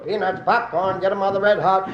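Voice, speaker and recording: A man's voice: sits high, little pitch movement, brisk, echoey room, lo-fi sound, a little hiss or hum, pitched above the performer's own voice, natural voice. A man voicing a train conductor who chants nonsense station names and rhythmic train sounds. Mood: sing-song. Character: sing-song male train conductor calling stops.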